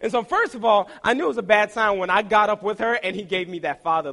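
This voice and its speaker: Young male preacher, high voice, playful storyteller, sermon delivery. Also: lively intonation, fast, creaky, few pauses, pushed and bright.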